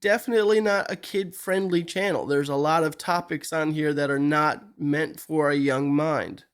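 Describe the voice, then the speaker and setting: A man's voice: a little high, steady tone, moderate pace, clear, resonant tone. A man hosting a reaction channel, talking earnestly and giving sincere advice to his viewers. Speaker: host reacting to clips. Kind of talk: casual commentary.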